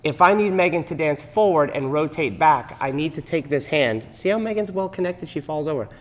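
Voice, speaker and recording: With an expressive, rather high voice and a brisk pace, a man teaches partner dancing in a studio, describing steps and counting beats aloud. Long hall reverb colors the sound.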